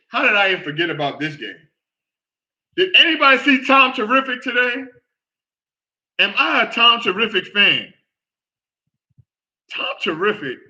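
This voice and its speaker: A man hosting a casual football talk show, reacting out loud with groans and exclamations as he watches a game. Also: high-pitched, dull audio. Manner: animated, exclaims and groans at plays. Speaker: sports podcast host.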